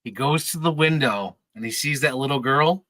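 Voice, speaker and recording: Bright-voiced man telling rambling stories. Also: medium pitch, normal speed, dry recording, low-quality recording. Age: 30s. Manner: rambling, laughing, swears freely. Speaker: podcast regular. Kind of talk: casual storytelling chat.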